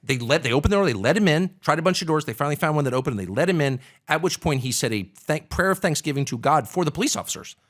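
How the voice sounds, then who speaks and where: A man's voice: a little high, animated, very fast, hardly any pauses, a bit bright. A man who is a political commentator, speaking as an interview guest with emphatic, indignant rhetorical questions. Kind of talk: candid conversational interview.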